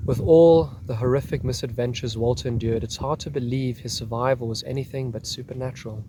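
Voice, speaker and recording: A man's voice: mid-range voice, fairly even intonation, a little fast, mellow, a little hiss or hum. A man hosting a history video, talking casually and reading out a soldier's account. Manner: chatty, repeating "crazy, hey?".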